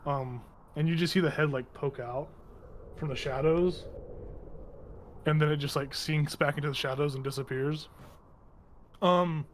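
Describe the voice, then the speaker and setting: A man's voice: on the high side, steady tone, a little slow, long pauses, slight background noise. A man running a tabletop game, narrating loosely with lots of fillers and laughs. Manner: rambling, laughing, many fillers. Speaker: game master.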